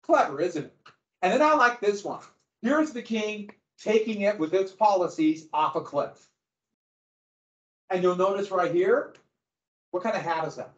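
A man teaching a history class, lecturing in an animated way and quizzing his students as he goes. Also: high voice, a little slow, pauses often. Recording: echoey room, dull lo-fi sound.

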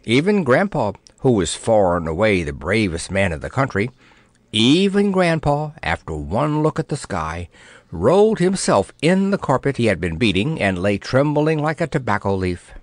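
A man narrating a children's storybook in an expressive, playful way. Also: lowish voice, normal speed, no echo. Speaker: audiobook narrator.

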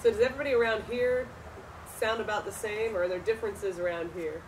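This is a woman interviewer asking a question softly. She sounds distant from the microphone. Faint ambience surrounds her. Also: medium pitch, steady tone, fast, a little hiss or hum. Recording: distant from mic.

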